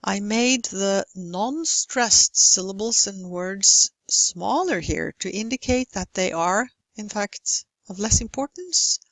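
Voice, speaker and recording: A woman teaching English pronunciation in a recorded lesson, speaking in a careful, deliberate way and stretching out example words. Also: medium pitch, animated, fairly bright tone, no room sound, rough recording. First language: Norwegian. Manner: slow, careful, deliberate delivery with exaggerated model words.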